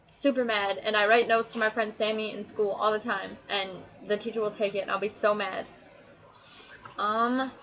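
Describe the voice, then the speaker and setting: A woman's voice: fairly high pitch, sharp tone, a little hiss or hum, poor audio. A teenage girl vlogging a casual, sarcastic rant about her pet peeves. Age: teens. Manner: chatty, exasperated, sarcastic. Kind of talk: casual ranting list.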